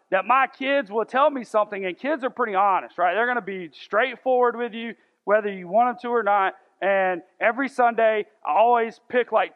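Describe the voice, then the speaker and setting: A man in his thirties preaching a conversational sermon to a church congregation, asking the room rhetorical questions. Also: very high-pitched. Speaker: pastor. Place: church sanctuary. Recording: dull sound with long hall reverb.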